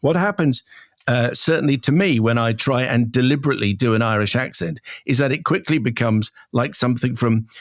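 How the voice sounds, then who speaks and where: A man co-hosting a film show, chatting casually and reading out listener emails with a quick laugh. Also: medium pitch, no echo, clean studio sound. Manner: brisk, laughs easily.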